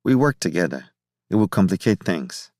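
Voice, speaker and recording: A man voicing a shy, lovesick young male scientist who talks in hesitant, halting bursts. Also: deep voice, big pitch swings, a little mellow, no room sound, clean studio sound. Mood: flustered.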